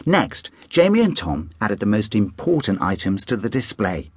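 A man narrating a children's audiobook in an animated storytelling manner, close on a studio mic. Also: fairly low pitch, normal speed, breathy edge, dry recording.

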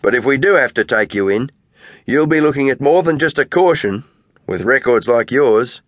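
A stern police constable laying down the law in a firm, raised voice, as a man plays him. The delivery is deliberate and lively in pitch, recorded close and dry. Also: dry recording, close to an everyday voice. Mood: warning. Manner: stern, warning.

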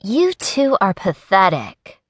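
A woman's voice: mid-range voice, huge pitch swings, slow, slightly rough, dry recording, exaggerated voice. A woman voicing a cheerful, sassy young woman who teases her coworkers in an audiobook. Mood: cheerful teasing. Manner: bright, teasing, upbeat.

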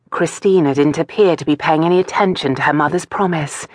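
A woman reads a romance novel aloud in a calm, even storytelling manner. Her voice sits low, and the studio recording is dry and close. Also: fairly quick, no room sound. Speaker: audiobook narrator. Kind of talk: scripted narration.

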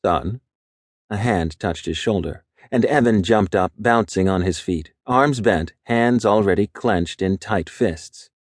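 A man reading an audiobook in a measured, even storytelling voice. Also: lowish voice, no room sound, clean studio sound. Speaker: audiobook narrator. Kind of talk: scripted narration.

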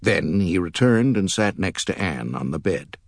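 A male audiobook narrator with a fairly low voice that rises and falls with lively expression. He reads in a measured, storytelling way. The recording is close and completely dry. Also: no room sound. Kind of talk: scripted narration. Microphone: close studio mic.

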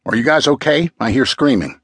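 A male narrator voicing a calm, commanding middle-aged father who gives firm, steady instructions. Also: medium pitch, fairly quick, breathy edge, dry recording, studio quality, voice pushed up. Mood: urgent.

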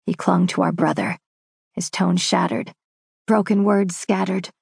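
A woman narrating a first-person fantasy romance audiobook in a dramatic, measured, intense way. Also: on the low side, steady tone, creaky, husky, dry recording, studio quality.

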